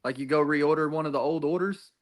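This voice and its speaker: A man's voice: fairly high pitch, fairly even intonation, quick pace. A man chatting casually about racing, rambling with frequent restarts and swearing. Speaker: podcast co-host.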